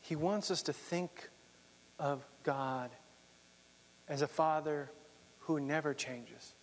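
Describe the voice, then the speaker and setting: A man's voice: on the high side, takes it slowly, in a large hall, slight background noise. A man preaching a sermon, earnest, reading scripture aloud and explaining it. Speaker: pastor.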